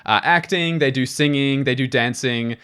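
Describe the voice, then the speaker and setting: A man's voice: mid-range voice, moderate pace, fairly bright tone, clean tone. A man co-hosting a podcast, chatting enthusiastically with lots of fillers and restarts. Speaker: podcast co-host. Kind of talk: casual chat.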